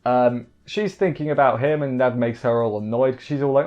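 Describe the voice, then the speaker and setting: Over faint music on a dull lo-fi mic, a man reviewing anime rambles casually through an episode recap, wry and prone to fillers and restarts. His mid-range voice keeps fairly even intonation and a fairly quick pace.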